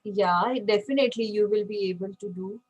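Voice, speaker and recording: A woman's voice: mid-range voice, a little fast, a little mellow, lo-fi sound. A woman teaching an online French class, patient and checking in with frequent okays.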